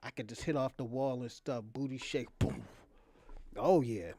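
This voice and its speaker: A man's voice: medium pitch, expressive, normal speed, dark tone, slight background noise. A man hosting a commentary show, ranting bluntly and emphatically with frequent restarts.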